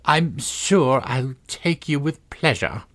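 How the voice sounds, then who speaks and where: A man's voice: mid-range voice, lively intonation, takes it slowly, fairly bright tone, voice pushed up. A man voicing a flustered, melancholy old queen in a storybook reading, fussy and helpless in manner.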